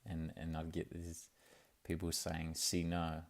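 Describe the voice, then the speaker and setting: A man's voice: low voice, monotone, slow pace. A young man, talking in a laid-back, rambling way for his video diary, full of fillers and restarts. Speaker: vlogger.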